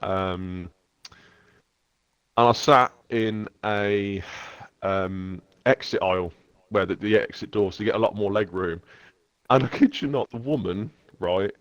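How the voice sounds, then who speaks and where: Low-voiced English man telling a story. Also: a little slow, long pauses, no room sound, dull audio. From England. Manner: animated, swearing, loud shifts when quoting others. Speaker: podcast host. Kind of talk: casual storytelling chat.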